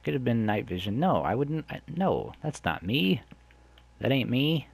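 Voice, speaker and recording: A man hosting a let's play, chatting to viewers in a rambling way and exclaiming loudly when something surprises him. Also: mid-range voice, sing-song, unhurried, gravelly, husky, no room sound. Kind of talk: gameplay commentary.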